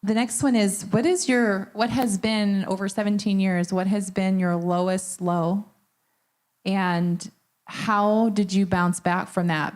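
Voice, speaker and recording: Woman, young adult, on-stage interviewer, retreat host, measured searching questions, mid pitch. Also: a little mellow.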